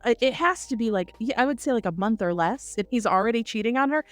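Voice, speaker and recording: A woman co-hosting a podcast, reacting to a novel with wry, animated comments and frequent "like". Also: on the high side, fast talker, no room sound, soft background music. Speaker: podcast co-host. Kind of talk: casual book discussion.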